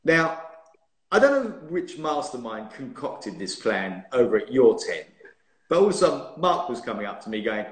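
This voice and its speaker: A man's voice: medium pitch, moderate pace. A man in his fifties, a former racing driver, chatting as a guest on a live stream and telling stories with laughter and teasing. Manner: lively storyteller who laughs and teases. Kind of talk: casual chat on a live stream. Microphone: phone or laptop mic on a video stream. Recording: roomy echoey room on a phone mic.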